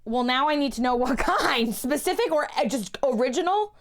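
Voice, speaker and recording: A woman with a New York accent hosting a casual podcast chat, bubbly and quick to exclaim and laugh. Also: sits high, animated. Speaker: podcast host.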